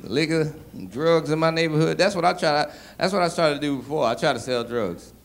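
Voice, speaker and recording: A man from Brooklyn doing a stand-up comedy set in a club, telling stories and acting out bits with shouts. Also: on the high side, fairly quick, gravelly. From Brooklyn, New York. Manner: animated storytelling, shouts and acts out bits.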